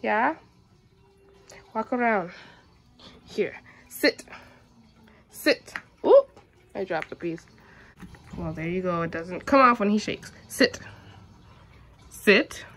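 A woman's voice: lively intonation, takes it slowly, long pauses, fairly bright tone. Chatty woman coaxing her dog. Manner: chatty, switches to high coaxing baby talk for her dog. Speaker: vlogger dressing her dog. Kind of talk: casual home vlog.

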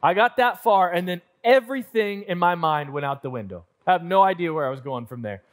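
A high-voiced young man preaching to his church, spinning a self-deprecating story with lively, acted-out moments. He plays up his own nerves for laughs. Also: fairly quick. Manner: self-deprecating, animated storyteller acting out scenes. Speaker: pastor. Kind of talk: sermon storytelling. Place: church auditorium.

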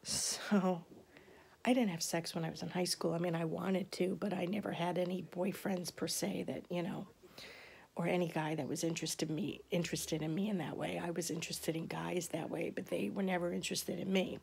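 Gravelly-voiced woman in her fifties reminiscing. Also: fairly low pitch, fairly even intonation, normal speed, darkish tone. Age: 50s. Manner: chatty, laughs often while reminiscing. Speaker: vlogger. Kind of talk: casual storytelling.

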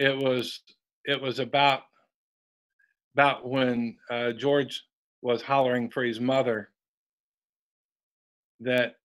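Co-host guy reading comments real slow, lots of um and uh. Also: medium pitch, a bit bright. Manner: slow, measured, with fillers. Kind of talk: reading viewer comments on a talk show.

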